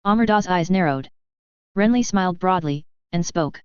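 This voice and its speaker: A woman narrating a fan fiction story as an audiobook reader, in steady storytelling. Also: fairly low pitch, normal speed, clear, resonant tone, dry recording, highs cut off.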